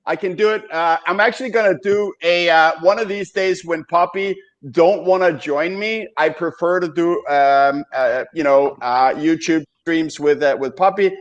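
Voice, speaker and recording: A middle-aged man with a Danish accent, hosting a casual podcast chat and talking haltingly with many fillers. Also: a little high, lo-fi sound. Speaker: podcast host.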